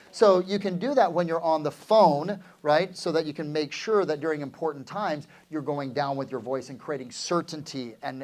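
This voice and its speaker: A middle-aged man coaching real estate agents in a live seminar, talking energetically and quizzing the audience. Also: on the high side. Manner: energetic, asks the crowd questions, calls for answers.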